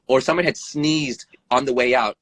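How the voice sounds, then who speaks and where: A man who works as an emergency room doctor, talking bluntly over a live video stream, swearing freely, his pitch jumping up and down, and tagging "right?" onto his points. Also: normal speed, dry recording. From United States. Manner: animated, pitch jumps up and down. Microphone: phone or video call mic.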